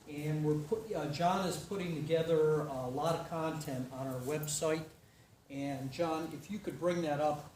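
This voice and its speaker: A man making meeting announcements as a club officer, in a conversational way with frequent fillers. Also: fairly high pitch. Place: meeting room in a building. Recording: roomy and from far off, faint hiss.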